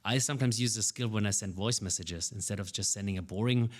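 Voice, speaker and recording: Talking fast in a lowish voice, a man who teaches public speaking responds to interview questions with energy, frequently repeating words when starting sentences.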